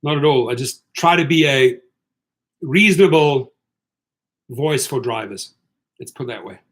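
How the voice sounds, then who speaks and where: Medium-pitched and a bit bright, this man's voice keeps a measured pace. He's a rideshare-driver livestream host chatting casually while reading viewer comments. Loose and repetitive, he responds to viewers individually and sounds weary.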